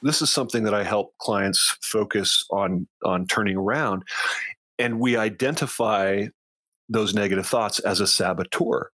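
Halting, low-voiced male coach. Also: pushed and bright, no room sound. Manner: halting, many restarts, explanatory. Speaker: coach and podcast co-host. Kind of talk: casual conversational podcast.

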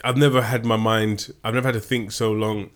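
A man's voice: fairly low pitch, level tone, fairly quick. Chatty man co-hosting a podcast. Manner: playful, rambling, many restarts. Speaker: podcast co-host. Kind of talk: casual chat.

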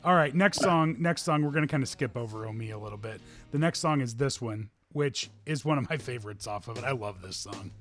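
A man hosting a casual music podcast, relaxed as he leads the talk from song to song. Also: medium pitch, brisk, hardly any pauses. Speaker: podcast host.

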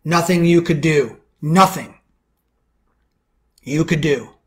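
A middle-aged man from the Bronx with a New York accent, hosting a podcast as a men's coach in a forceful motivational monologue full of rhetorical questions. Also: slow. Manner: forceful preaching, rhetorical questions, drops to low intense tones.

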